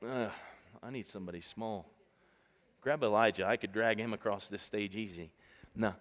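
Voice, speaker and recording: A male pastor preaching a sermon to a congregation, animated and emphatic, calling out to the people. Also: on the low side, normal speed, long reverb tail. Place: church stage before a congregation.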